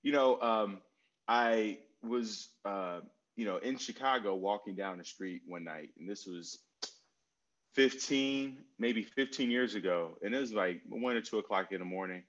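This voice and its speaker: A man in his forties answering a question in a relaxed interview, telling stories and repeating key phrases with many fillers. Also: lowish voice, a little slow, muffled recording. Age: 40s. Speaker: guest speaker on mental health.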